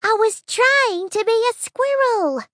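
A woman voicing an excitable, clumsy young girl honeybee with high, bouncy exclamations. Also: takes it slowly, dry recording, studio quality, full character voice. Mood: excited.

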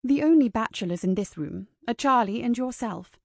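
A woman voicing an earnest, prim young vampire woman who speaks crisply, in a storybook reading. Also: on the high side, expressive, moderate pace, no room sound, clean studio sound.

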